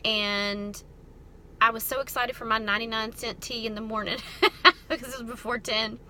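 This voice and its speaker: A middle-aged woman, hosting a ministry talk and telling a story in a chatty, expressive way. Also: fairly high pitch, moderate pace, a little hiss or hum. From American South. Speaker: ministry host. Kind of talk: casual storytelling talk to camera.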